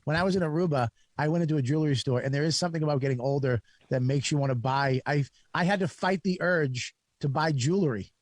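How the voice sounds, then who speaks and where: A man's voice: fairly high pitch, fast talker, hardly any pauses, dry recording. A man on a radio talk show, blunt and profane, getting worked up as he argues with a friend. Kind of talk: heated studio banter.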